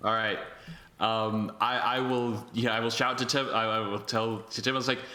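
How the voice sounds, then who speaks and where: A man's voice: fairly low pitch, fairly even intonation, normal speed, pushed and bright. A man playing a tabletop game, speaking in a dry, matter-of-fact way. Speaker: player.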